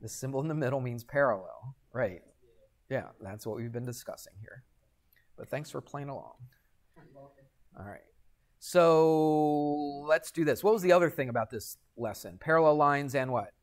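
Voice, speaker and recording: A man's voice: medium pitch, expressive, moderate pace. Man teaching a geometry class. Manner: asks the class questions and answers them himself; jokey asides. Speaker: high school math teacher. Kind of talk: classroom lecture.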